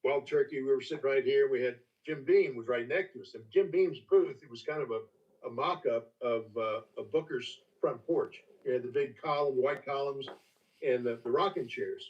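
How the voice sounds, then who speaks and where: An older man with a drawl spins a folksy yarn, stopping and restarting as he goes. His pitch sits in the middle of a man's range. The audio sounds far from the mic and dull, like a lo-fi call. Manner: folksy, halting, with many restarts. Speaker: master distiller guest. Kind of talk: casual storytelling.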